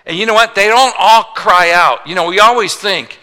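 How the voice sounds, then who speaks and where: A male pastor preaching a sermon, telling the story with lively rhetorical questions and joking asides. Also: high voice, normal speed. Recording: long hall reverb.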